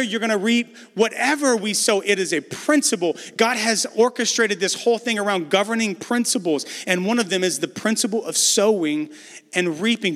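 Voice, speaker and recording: A man's voice: high voice, fairly bright tone, in a large hall. A man preaching a conversational sermon as pastor, building emphasis through repetition.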